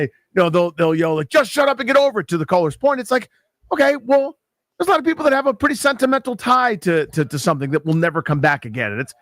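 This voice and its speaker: A sports talk radio co-host, a man whose voice sits a little high and swings widely up and down. He argues his points casually and often stumbles over repeated words. His voice sounds dry and close, with no room sound. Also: dry recording. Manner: animated, argumentative, repeats words when thinking. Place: live remote broadcast booth.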